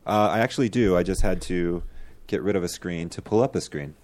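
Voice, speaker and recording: A man's voice: sits low, fairly quick, darkish tone. A man hosting a casual podcast, joking loosely and stumbling through his plugs. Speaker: podcast host.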